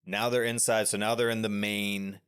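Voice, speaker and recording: This podcast co-host walks through a film scene by scene in casual discussion, rambling at length with plenty of restarts and fillers. His fairly low voice is flat in delivery and normal in speed, with a fairly bright, clear, resonant tone.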